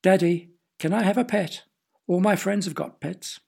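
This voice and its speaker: A man voicing a little girl in a children's story, asking and chattering in a chirpy, pleading way with a gravelly, husky voice. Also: sits high, normal speed, darkish tone, voice pushed up, full character voice.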